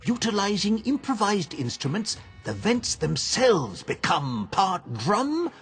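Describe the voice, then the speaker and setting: An actor playing an eccentric, formal old gem trader in a video game, speaking in a pompous, ornate, lecturing way. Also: male voice, high-pitched, big pitch swings, takes it slowly, a bit bright, husky, faint music behind, full character voice. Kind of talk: video game character dialogue.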